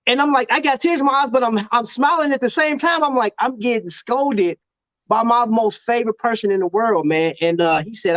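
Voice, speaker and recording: A man from Chicago hosting a casual live-stream chat, telling stories in an animated way and laughing often. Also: high voice, fairly quick, no echo. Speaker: host. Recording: dry, dull lo-fi sound.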